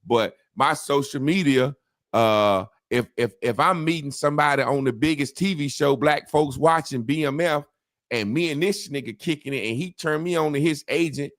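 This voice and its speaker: A man hosting a casual talk show, telling rambling profane stories with animated impressions. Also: a little high, normal speed, dry recording, clean studio sound. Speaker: podcast host. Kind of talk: casual chat.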